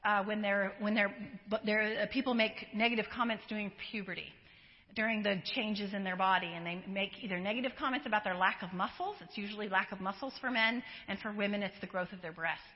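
A woman counselor giving a conversational talk to a live audience, animated and given to acting out the remarks she quotes. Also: medium pitch, a little fast. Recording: dull lo-fi sound, long hall reverb.

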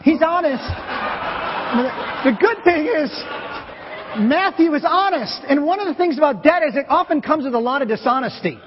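A man's voice: very high-pitched, animated, moderate pace, a little hiss or hum. A man preaching a church sermon, playful and joking with volunteers on stage. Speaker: pastor. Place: church sanctuary. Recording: lo-fi with long hall reverb.

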